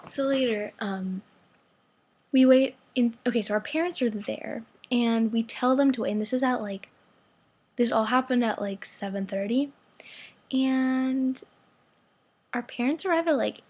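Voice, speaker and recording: A teenage girl tells a story to her camera, her voice breathy and a little husky. She gushes and swears, slipping into hushed whispers between her excited rushes of words. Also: on the high side. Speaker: vlogger.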